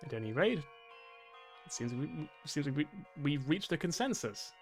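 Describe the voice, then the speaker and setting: A man's voice: a little high, very animated, a little slow. A man reading out a sneering game villain. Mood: taunting. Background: faint game music.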